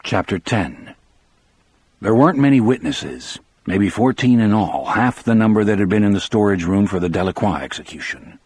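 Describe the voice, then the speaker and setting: Man reading an audiobook, very deep voice, husky, dry close sound, measured first-person storytelling. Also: a little mellow, no echo. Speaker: audiobook narrator.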